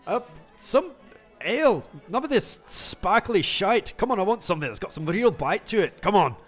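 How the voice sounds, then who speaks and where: A man's voice: on the high side, lively intonation, a little slow, a bit bright, soft background music, pitched above the performer's own voice. A man voicing a blunt, impatient male dwarf lord who swears and bellows for ale in a tabletop game. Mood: demanding. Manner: gruff, swearing, boisterous.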